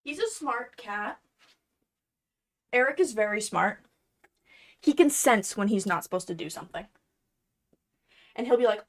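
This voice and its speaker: A woman's voice: fairly high pitch, expressive, moderate pace, pauses often. A young woman chatting casually on a livestream while she crafts at home, playful and self-deprecating. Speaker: cosplay streamer.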